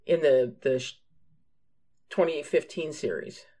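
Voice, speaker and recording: A woman's voice: sits low, a little slow, mellow. A woman casually reacting to a period drama with playful exclamations and giggles.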